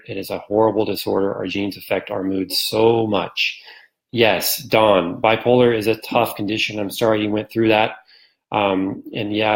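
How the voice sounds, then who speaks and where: A low-voiced man with a gravelly edge, talking casually on a live stream. He reads out viewer comments and answers them, rambling with ums and restarts. When he quotes people he switches to a livelier voice. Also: rough recording.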